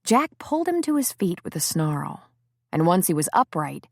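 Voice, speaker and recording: A woman narrating a novel in a steady, measured audiobook reading. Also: fairly low pitch, vocal fry, no echo, clean studio sound. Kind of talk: scripted narration.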